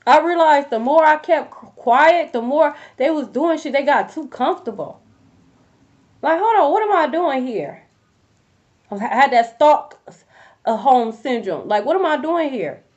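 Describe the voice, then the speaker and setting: A woman with a fairly high voice gives a tarot reading as a fired-up, cursing rant. She speaks bluntly and casually. The audio is dull and lo-fi. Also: lively intonation, a little slow, a little mellow. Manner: blunt, profane, fired-up talk. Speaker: tarot reader.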